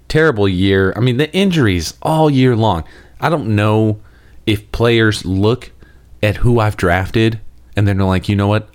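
A man hosting a comedic sports monologue, sarcastic and self-deprecating, with dramatic pauses. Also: low voice, no room sound. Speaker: podcast host.

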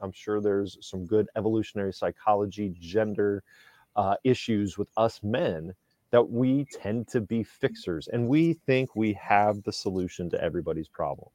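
A man's voice: lowish voice, moderate pace, no room sound. A man from Indiana, a couples therapist, talking animatedly and emphatically in a casual podcast chat. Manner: animated, emphatic, swings loud and soft.

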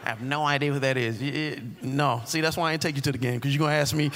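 A man's voice: mid-range voice, fast, a little hiss or hum. A man preaching a sermon as a comic story, bantering with the audience and adding lots of asides. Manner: animated, joking, full of asides to the audience. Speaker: pastor. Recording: long hall reverb.

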